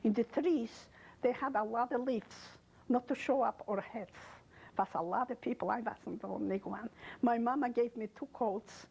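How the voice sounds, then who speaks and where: An older woman speaks in a husky, breathy voice that sits a little high. She tells her story haltingly in an interview, with non-native phrasing, and she brings in the words of the people she remembers. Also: darkish tone, rough recording. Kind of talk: oral history testimony.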